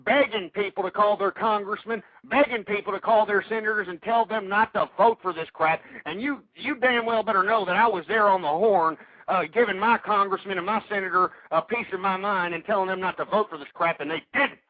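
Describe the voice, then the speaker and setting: A man's voice: high-pitched, brisk, few pauses. A man hosting a political talk radio show, ranting angrily and hurling insults at his listeners. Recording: tinny phone-like radio audio.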